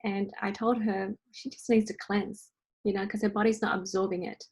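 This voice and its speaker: A woman's voice: medium pitch, level tone, moderate pace, a little mellow, breathy edge, low-quality recording. A woman hosting an online wellness workshop in a casual, chatty way, often checking in with her listeners with "okay?" and "right?". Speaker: energy healing workshop host. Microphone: online workshop recording.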